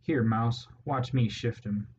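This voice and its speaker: A man's voice: medium pitch, slow pace, darkish tone, lightly acted. A man reading as Clooney, a scornful warlord rat. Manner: scornful, gruff. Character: scheming one-eyed warlord rat, male, menacing. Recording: dull lo-fi audio, faint hiss.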